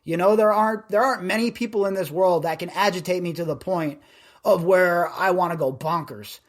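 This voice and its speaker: A man from Las Vegas hosting a podcast live stream, chatting in a rambling, loudmouthed way. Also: high-pitched, brisk. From Las Vegas, USA. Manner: rambling, self-described loudmouth. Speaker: podcast host. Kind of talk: casual live-stream chat.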